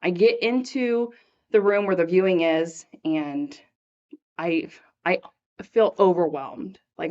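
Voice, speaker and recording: A woman's voice: fairly low pitch, moderate pace, dull audio. A middle-aged woman hosting a faith podcast, telling a personal story in a chatty way and acting out the voices of the people in it. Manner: animated storyteller who acts out quoted dialogue. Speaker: podcast host.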